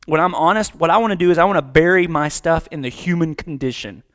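A man preaching a casual, joking sermon, acting out quick voices as he talks. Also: a little high, fairly bright tone. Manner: conversational, joking, acts out voices. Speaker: pastor.

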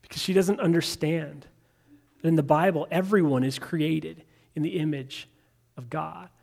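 A man's voice: on the high side, fairly even intonation, moderate pace, vocal fry, a little mellow. A man preaching a sermon in a conversational way, retelling scripture stories in his own words.

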